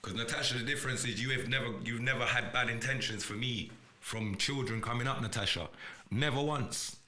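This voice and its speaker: Defiant, profane man with a sharp voice. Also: mid-range voice, brisk. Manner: profane, defiant, repetitive and threatening. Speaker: live podcast host. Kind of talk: confrontational livestream rant.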